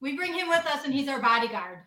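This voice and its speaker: A woman's voice: sits high, sing-song, fast, bright, forceful tone. A woman guest in a casual chat, giggling and exclaiming. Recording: echoey room with faint noise.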